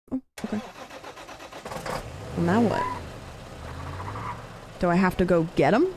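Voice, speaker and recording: A woman streamer giving live gameplay commentary, chatty and thinking aloud with quick reactions. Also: on the low side, very animated, noisy background. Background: game music.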